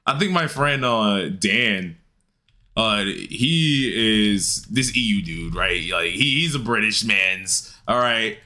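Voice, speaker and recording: Here a male gamer is on stream, bantering loosely with chat and laughing frequently, full of slang. He speaks slowly but animatedly, at a fairly low pitch with a sharp edge.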